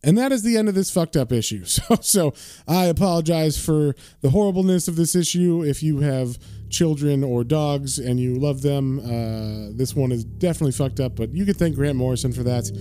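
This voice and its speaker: Mellow-voiced man recapping a comic. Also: on the high side, moderate pace, soft background music. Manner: casual, with fillers and laughs. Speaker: comic book podcast host. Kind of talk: casual comic recap and reading.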